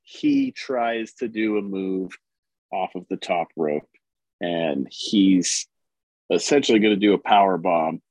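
A man's voice: sits low, slow pace, dry recording, low-quality recording. A man co-hosting a podcast, casually retelling a comic book's story with lots of ums and uhs. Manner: relaxed, rambling with many ums and uhs. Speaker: podcast co-host reviewing comics.

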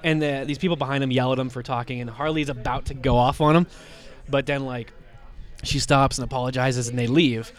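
A man's voice: medium pitch, fairly even intonation, fairly quick. A man with a slight cold, co-hosting a comic book podcast and retelling a story in casual chat, rambling with lots of fillers and restarts.

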